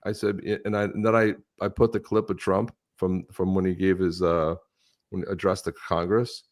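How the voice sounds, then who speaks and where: Very deep-voiced man telling stories. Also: little pitch movement, moderate pace. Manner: storytelling, acts out quoted dialogue. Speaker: podcast co-host. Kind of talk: casual political chat.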